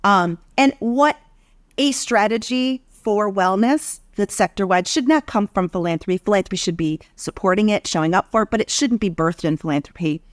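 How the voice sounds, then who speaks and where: A woman who leads a foundation program, speaking in an earnest, measured, reflective way in a podcast conversation. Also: medium pitch, no echo, clean studio sound.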